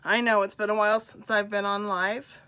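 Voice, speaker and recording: A middle-aged woman, congested, sharing a personal story on a live stream in a slow, heartfelt, confiding way and greeting viewers by name. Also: medium pitch, little pitch movement, pushed and bright, smooth.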